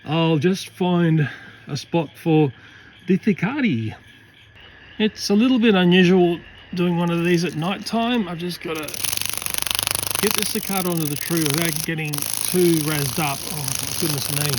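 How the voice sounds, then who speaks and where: A man's voice: on the high side, a little slow, heavy background noise. A man, chatting casually to his camera and his cats as he carries garden creatures back outside. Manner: chatty, fond running commentary to animals and camera. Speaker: pet owner filming his cats. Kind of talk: casual vlog commentary. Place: backyard garden at night. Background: faint night ambience with frogs and crickets.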